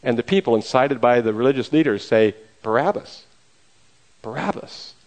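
Man preaching a lively story sermon. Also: medium pitch, quick pace, rough recording. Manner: lively retelling with acted quotes.

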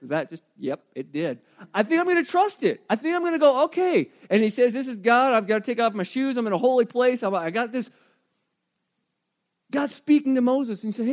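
A middle-aged man delivers a sermon in a strikingly high voice. He preaches with animation, often turning to ask the congregation questions directly. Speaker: pastor.

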